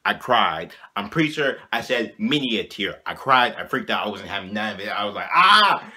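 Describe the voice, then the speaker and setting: A young man telling a childhood story in a casual vlog, animated and slangy, often checking in with "you know what I'm saying". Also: fairly low pitch, brisk. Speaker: vlogger.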